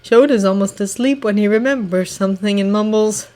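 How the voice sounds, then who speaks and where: A woman reading fan fiction aloud in expressive, animated narration. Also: mid-range voice, a little fast.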